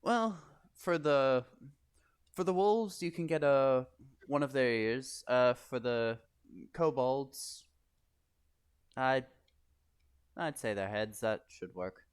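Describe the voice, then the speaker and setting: A man narrating as game master of a tabletop game, hesitant and halting, with frequent restarts. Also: medium pitch, clean tone.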